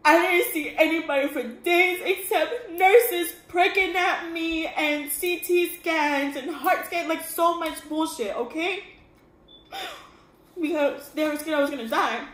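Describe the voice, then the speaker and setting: Tearful high-voiced woman in an echoey room. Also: a bit bright. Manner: tearful, breaks into crying laughs, swears casually. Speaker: vlogger. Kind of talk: emotional personal storytelling.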